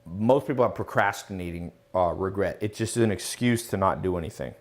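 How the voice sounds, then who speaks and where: A man's voice: low-pitched, fairly quick. A man hosting a casual live Q&A, reading out viewer questions and answering them in a confident, emphatic, lecturing way with rhetorical questions. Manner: reads out chat questions, then answers.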